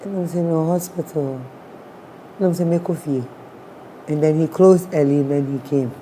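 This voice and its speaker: A woman's voice: low-pitched, normal speed, warm tone, slight background noise. A woman with a Ghanaian accent, a guest sharing a personal story with feeling. She acts out what people said and mixes in Twi words.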